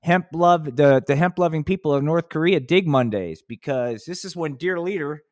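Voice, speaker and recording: A man voicing an overexcited male North Korean state announcer, proclaiming loudly to the people. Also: a little high, moderate pace, no echo, studio quality, voice pushed up, natural voice.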